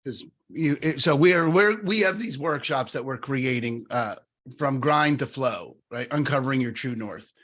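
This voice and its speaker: A middle-aged man co-hosting a podcast, talking casually and telling a story, animated, with many fillers and restarts. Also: medium pitch, normal speed. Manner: animated, lots of fillers and restarts, acts out quoted voices. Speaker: podcast co-host.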